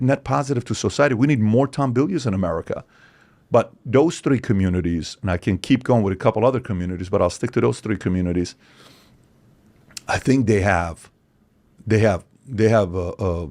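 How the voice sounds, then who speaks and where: A man in his forties, a podcast guest, speaking in an animated, opinionated monologue full of rhetorical questions and acted-out quotes. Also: lowish voice. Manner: acts out quoted voices, emphatic, rhetorical questions.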